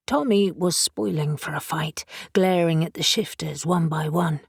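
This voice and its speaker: A woman reading an audiobook as narrator, measured and even. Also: low voice, creaky, slightly rough, dry recording, clean studio sound. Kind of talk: scripted narration.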